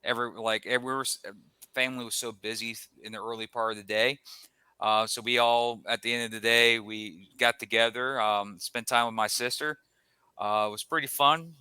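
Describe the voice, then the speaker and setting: A man's voice: medium pitch, fairly even intonation, brisk, sharp tone, clear, resonant tone, no room sound. A man co-hosting a podcast in casual chat, telling a story in a rambling way with frequent restarts. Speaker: podcast co-host.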